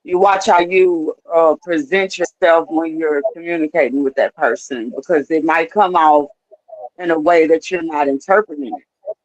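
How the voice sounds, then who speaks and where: A man in a casual group discussion, giving advice in a measured way. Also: on the high side, steady tone, no echo. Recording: dull dry recording.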